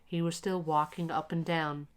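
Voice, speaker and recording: A woman whose voice sits low narrates a classic short story for relaxation, keeping the reading calm and measured while still expressive.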